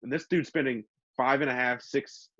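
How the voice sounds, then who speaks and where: A man co-hosting a podcast in casual chat, an animated storyteller who laughs often. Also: medium pitch, normal speed, no echo, muffled recording. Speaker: podcast co-host. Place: studio.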